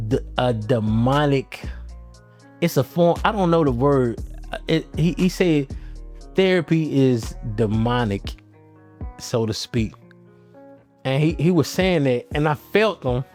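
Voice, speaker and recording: A man's voice: medium pitch, a little mellow. A man hosting his own channel, talking casually to camera in a rambling, slangy way with frequent restarts. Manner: rambling, restarts often, loose slangy talk. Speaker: channel host. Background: faint guitar music.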